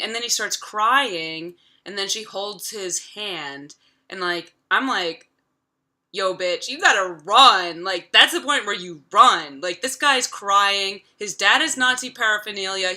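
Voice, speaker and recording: A woman in her thirties with a bright, forward voice rambles through a film plot she half remembers. She talks loosely and swears freely, with filler words in nearly every sentence. Her pitch sits right in the middle for a woman. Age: 30s. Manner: chatty, profane, peppered with filler words. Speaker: vlogger. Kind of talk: casual retelling of a film from memory.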